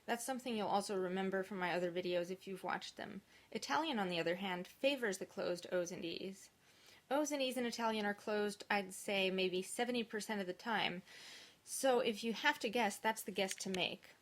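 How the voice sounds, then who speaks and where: A woman with a voice of middle pitch for her sex gives a singers' diction lesson. She lays out the rules one at a time in a clear, methodical way, like a teacher. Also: normal speed. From English-speaking country. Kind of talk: instructional video lesson.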